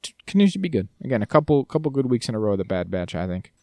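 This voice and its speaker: A man co-hosting a podcast in casual chat; animated, laughs often and slips into silly voices. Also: medium pitch, racing, dry recording, studio quality. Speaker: podcast co-host.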